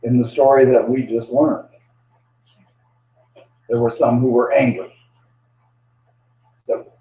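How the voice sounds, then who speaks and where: A man presenting a lecture on biblical storytelling, speaking haltingly with frequent fillers. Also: mid-range voice, level tone, warm tone. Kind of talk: lecture to a live audience. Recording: dull, distant, echoey room sound.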